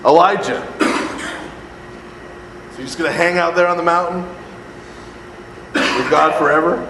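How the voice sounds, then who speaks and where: A man's voice: on the high side, unhurried. A man leading a casual Bible study lecture for a live group, joking and acting out voices, and asking "right?" again and again. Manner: conversational, keeps asking "right?", jokes and acts out voices. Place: church hall or classroom with a live group. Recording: echoey hall with faint air-conditioning hum.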